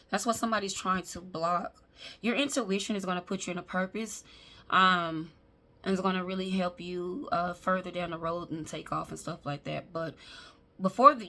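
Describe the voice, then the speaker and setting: Gravelly-voiced woman doing a casual tarot reading. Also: on the low side. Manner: chatty, emphatic, talks to viewers as y'all. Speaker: tarot reader. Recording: faint background noise.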